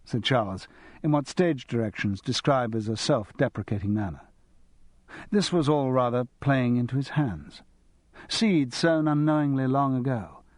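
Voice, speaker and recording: A man narrating an audiobook in a wry, expressive manner. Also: mid-range voice, measured pace, no echo.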